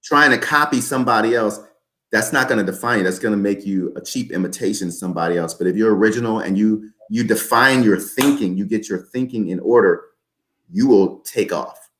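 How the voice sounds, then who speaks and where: A man's voice: on the low side, a little fast, fairly bright tone. A man in his twenties, a podcast guest, talking emphatically and repeating his points like a motivational speaker. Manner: emphatic, repetitive motivational talk. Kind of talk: podcast interview.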